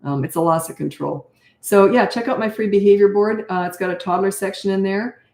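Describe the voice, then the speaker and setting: An older woman talks through parenting questions in a blunt, no-nonsense way, laughing easily between points. Her voice sits at an ordinary middle pitch. The recording has a noticeably roomy echo. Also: fairly quick, darkish tone. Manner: blunt, matter-of-fact, laughs often. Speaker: parenting coach. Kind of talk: casual Q&A advice.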